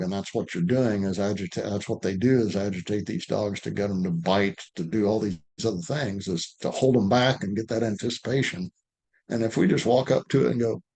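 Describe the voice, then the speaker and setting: A man answering questions in a live online dog training session, talking loosely and acting out what he says to the dog, over a video call. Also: lowish voice. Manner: relaxed, conversational, acts out what to say to the dog.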